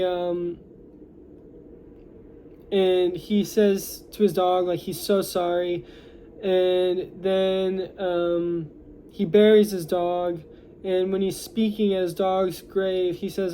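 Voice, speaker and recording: A man's voice: sits high, mellow, slight background noise. A young American man recapping a movie plot in a casual, rambling way, full of fillers and restarts. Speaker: movie reviewer.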